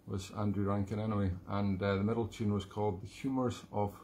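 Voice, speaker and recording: A man's voice: lowish voice, level tone, a little fast, warm tone, a little hiss or hum. A Scottish man hosting a live music stream, chatting casually and rambling between tunes in a self-deprecating way. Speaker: musician hosting a livestream show.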